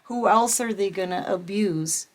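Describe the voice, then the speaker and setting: Slow, emphatic woman tarot reader. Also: mid-range voice, a little mellow. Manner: emphatic, repetitive, talks straight to the viewer. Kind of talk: casual tarot reading monologue.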